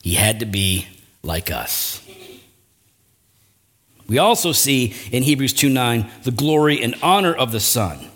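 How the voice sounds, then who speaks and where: A man preaching a sermon, earnest, with frequent rhetorical asides and big swings in pitch and loudness. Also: sing-song, measured pace, long pauses. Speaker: pastor.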